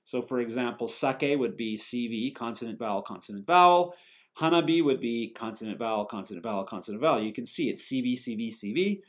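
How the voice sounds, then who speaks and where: A man teaching a lecture, explaining step by step in a steady way, with fillers and self-corrections. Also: mid-range voice, brisk. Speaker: English teacher giving a lecture. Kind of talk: recorded lecture.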